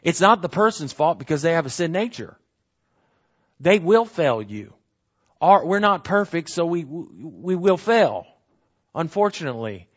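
A man's voice: a little high, big pitch swings, measured pace, highs cut off. A man preaching a sermon as pastor, earnest and emphatic, repeating key phrases and asking the congregation rhetorical questions.

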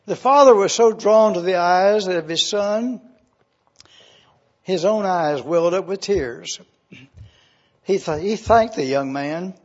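A man preaching a sermon, telling an illustration as a slow, earnest story and briefly acting out the voices in it. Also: high voice, dull audio.

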